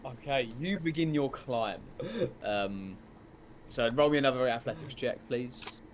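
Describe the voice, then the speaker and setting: A man narrates a tabletop game as game master, halting and filling pauses with ums. His voice sits at a middle pitch, with faint ambient noise in the background. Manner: hesitant, many ums.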